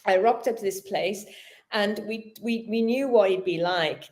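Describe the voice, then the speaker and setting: Lively British woman telling stories. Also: medium pitch, a little slow. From Britain. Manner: expressive storyteller, laughs often. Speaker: guest. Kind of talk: live-streamed talk show chat.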